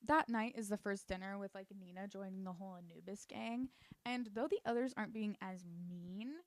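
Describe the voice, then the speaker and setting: A woman's voice: medium pitch, normal speed, no echo. A woman chatting casually and sarcastically as she recaps a TV show, full of "like" asides. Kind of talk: casual commentary.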